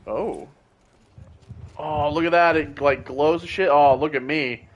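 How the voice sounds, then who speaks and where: Brief: male streamer, fairly high voice, loose and jokey play-by-play. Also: unhurried, muffled recording. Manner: loose, jokey, thinks aloud. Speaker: gaming streamer. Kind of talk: casual gameplay commentary.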